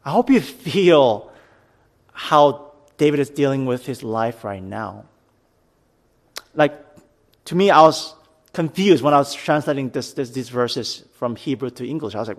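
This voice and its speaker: A man's voice: on the high side, animated, measured pace, pauses often. A man preaching a sermon to his church, earnest, reading scripture dramatically and talking it through plainly. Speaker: pastor.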